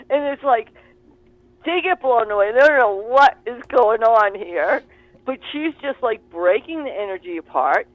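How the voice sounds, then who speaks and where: A woman telling a story in casual conversation, animated and laughing as she talks. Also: a little high, a little slow, dry recording. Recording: tinny phone line.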